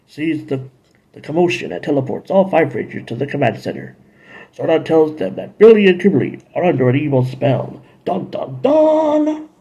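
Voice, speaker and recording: A man's voice: medium pitch, vocal fry, a little mellow, breathy edge. A man casually recapping and reviewing TV episodes, rambling with playful asides and bits of humming.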